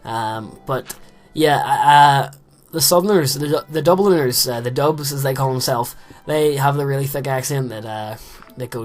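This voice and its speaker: A man's voice: mid-range voice, unhurried, soft background music. A teenage boy with a Northern Irish accent, rambling in casual chat while commentating his own game play. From Northern Ireland. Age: teens. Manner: rambling, chatty, many fillers. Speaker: let's play host.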